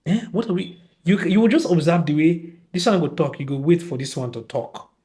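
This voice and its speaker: This is a Nigerian man with a slightly raised voice, hosting a casual podcast film review. He sounds exasperated and animated, and he breaks into acted snatches of dialogue to mock what he saw. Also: on the high side, fairly quick. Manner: animated, exasperated, acts out quoted lines.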